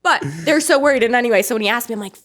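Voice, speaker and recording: A woman's voice: on the high side, very fast, a bit bright. A woman chatting as a podcast guest, telling swearing, joking stories and acting out quotes. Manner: swearing, joking storyteller who acts out quotes. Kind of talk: casual chat.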